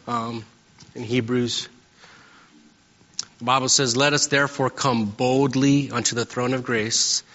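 A man's voice: mid-range voice, pushed and bright. A middle-aged male pastor preaching a sermon, talking conversationally and telling stories, often checking in with "right?". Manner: conversational, storytelling, frequent "right?" tag questions. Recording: dull reverberant hall sound.

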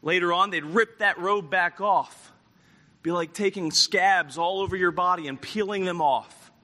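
Bright-voiced man preaching a sermon. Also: sits high, a little slow. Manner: dramatic storytelling, swings from loud to hushed; acts out quoted lines.

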